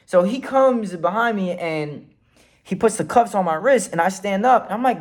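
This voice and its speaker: A man telling a personal story to his viewers in a casual vlog, animated and swearing freely as he acts out what people said. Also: high-pitched, normal speed. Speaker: vlogger.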